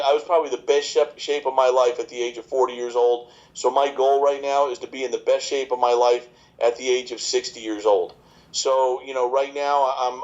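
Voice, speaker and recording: A man's voice: medium pitch, lo-fi sound. A man in his fifties, a chiropractor, talking casually in a podcast interview with many restarts and fillers. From New York. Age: 50s. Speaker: chiropractor guest.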